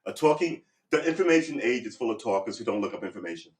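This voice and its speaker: Man, middle-aged, a bit low-pitched, casual livestream chat, rambling and profane, self-deprecating, at home on a sofa, close desk mic. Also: lively intonation, quick pace. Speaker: guitar vlogger livestreaming practice. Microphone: desk microphone close by.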